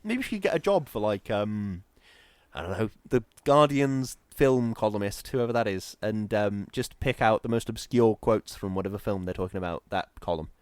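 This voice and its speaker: A man's voice: fairly low pitch, animated, normal speed, darkish tone, clear, resonant tone, dry recording. A young man from the English Midlands with a Midlands accent, co-hosting a podcast in casual, joking, rambling chat and laughing often. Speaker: podcast co-host.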